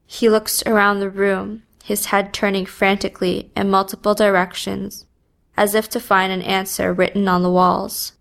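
A woman reading a first-person story aloud in a subdued, even manner. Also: mid-range voice, vocal fry. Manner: slow, even, subdued delivery. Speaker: narrator.

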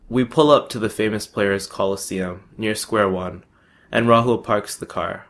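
A man's voice: on the low side, measured pace, vocal fry, fairly bright tone. A young man reading his own first-person story aloud in a plain, matter-of-fact way.

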